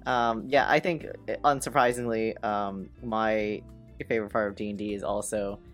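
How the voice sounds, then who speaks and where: A woman's voice: rumbling low, steady tone, moderate pace, soft background music. A woman reading out listener questions in casual podcast chat, dry and hesitant with many ums.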